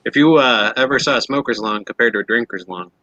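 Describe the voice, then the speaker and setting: A man's voice: medium pitch, fast, pushed and bright, no room sound, lo-fi sound. A man on a casual livestream panel, making blunt remarks and asking teasing questions. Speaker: panel guest.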